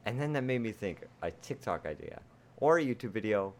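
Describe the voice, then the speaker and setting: A young man co-hosting a casual podcast, playful and quick to laugh, slipping now and then into goofy impression voices. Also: on the low side, animated. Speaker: podcast co-host. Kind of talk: casual chat.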